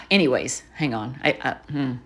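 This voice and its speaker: Lively, chatty woman vlogger. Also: extremely low pitch, measured pace, slightly rough. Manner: chatty, rambling, full of fillers and asides. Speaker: journaling vlogger. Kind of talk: casual storytelling chat.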